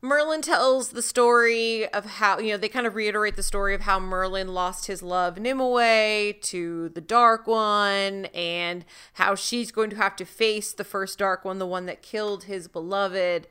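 A woman co-hosting a casual podcast, recapping a TV episode with jokes and animated asides. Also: mid-range voice, a little slow, hardly any pauses, clear, resonant tone. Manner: chatty, joking, animated recapping. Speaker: podcast co-host.

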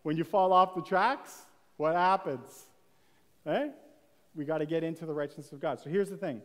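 High-voiced man preaching in a reverberant hall. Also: normal speed. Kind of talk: sermon.

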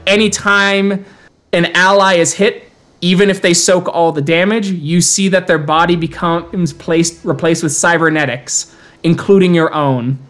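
A man narrating a tabletop horror game as storyteller, in measured, descriptive tones he sometimes draws out for effect. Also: high voice, steady tone, a bit bright, soft background music.

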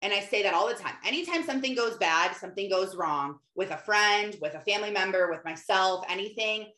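Animated woman giving a casual faith talk. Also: mid-range voice, a little fast. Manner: animated, often acts out quotes, many fillers. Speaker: mother and Christian speaker. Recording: roomy echo.

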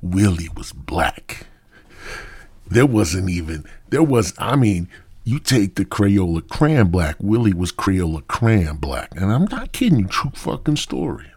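A man hosting a podcast, telling a crude comic story full of swearing, dropping into hushed whispers and rising to loud outbursts. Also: fairly low pitch, big pitch swings, a little slow, slightly rough. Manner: profane, swings between loud and hushed whispers. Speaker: podcast host.

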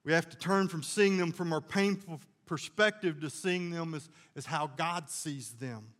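A man's voice: on the high side, measured pace, a bit bright. Folksy preaching man in a reverberant hall. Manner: folksy storytelling, conversational with restarts. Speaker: pastor. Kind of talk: sermon.

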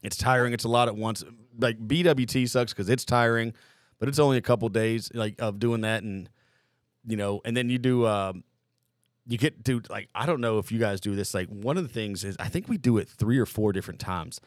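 In a casual podcast chat, a man tells boot camp war stories, rambling and profane, full of filler words like "like" and "dude." His voice is on the low side and brisk, recorded at studio quality with no room sound.

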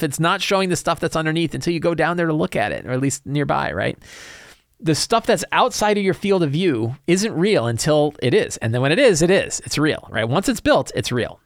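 An animated man hosts a casual solo talk show. His voice sits a little high and swings widely in pitch as he explains. The sound is dry and close, with no room around it. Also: dry recording. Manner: animated, conversational, tags points with "right?". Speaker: host.

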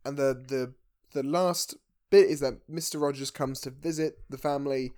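A man's voice: mid-range voice, steady tone, normal speed, darkish tone. A man co-hosting a casual film review podcast, cracking sarcastic jokes. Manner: joking, sarcastic. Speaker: podcast co-host.

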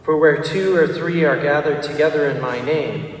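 A man reading the gospel at Mass in a measured, formal manner. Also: on the high side. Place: church. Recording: distant mic in echoey church.

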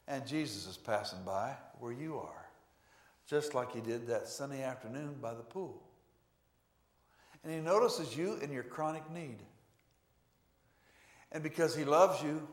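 A male pastor delivering a sermon in a church, preaching emphatically with sudden loud swells. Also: medium pitch. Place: church sanctuary. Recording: echoey church room.

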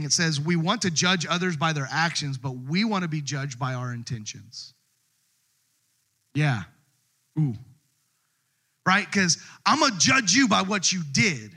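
A middle-aged male pastor preaching with a fairly high, bright-sounding voice. He tells his stories in an animated way and laughs often along the way. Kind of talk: sermon.

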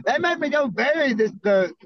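Profane Southern man, high voice. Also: animated, normal speed, highs cut off. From Arkansas, USA. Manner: profane, laid-back drawl, laughing storyteller. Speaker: podcast guest, bull rider. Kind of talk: casual storytelling.

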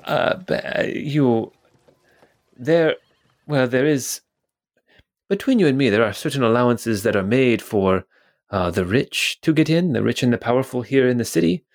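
A man's voice: medium pitch, expressive, measured pace. A man voicing a male city guard who is polite and evasive, speaking hesitantly with many fillers.

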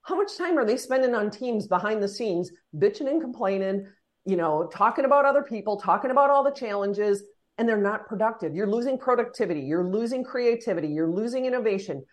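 A woman leadership consultant answering interview questions, making her points emphatically in quick repeated phrases. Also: medium pitch, animated.

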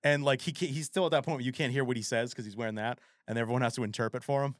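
A man co-hosting a podcast in casual chat, animated and rambling, with frequent swearing. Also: medium pitch, very fast, dry recording, clean studio sound. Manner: animated, profane, rambling storyteller. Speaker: podcast co-host.

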